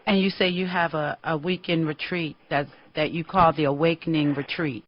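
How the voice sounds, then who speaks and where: An interviewer poses questions and backs the guest up with short, encouraging affirmations. The voice sits at a middle pitch. The sound is muffled and lo-fi. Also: steady tone, moderate pace. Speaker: interviewer and host. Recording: dull lo-fi sound.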